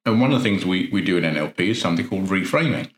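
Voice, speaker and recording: A man speaks in a lowish voice, coaching listeners through an earnest motivational talk. He leans on rhetorical questions and repeats phrases to drive his points home. His voice carries a roomy echo. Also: animated, racing. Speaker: NLP practitioner and coach.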